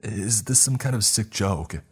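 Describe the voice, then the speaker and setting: A man's voice: on the low side, lively intonation, a little slow, breathy edge, faint music behind, voice pushed up, full character voice. A man voicing a frightened sixteen-year-old boy who pleads and cries out in alarm. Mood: desperate. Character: frightened teenage boy, sixteen, desperate and panicked.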